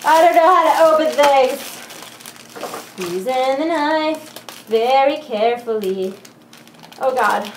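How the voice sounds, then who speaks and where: A woman's voice: high voice, unhurried. A woman hosting an unboxing vlog, giddy and bubbly, exclaiming and singing to herself as she opens a new keyboard. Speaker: unboxing vlogger. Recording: echoey room with faint noise.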